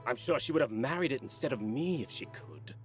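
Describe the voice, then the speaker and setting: A man's voice: medium pitch, animated, fairly quick, faint music behind, natural voice. A man as a grumbling, weary husband. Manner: gruff and sardonic. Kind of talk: video game voice acting.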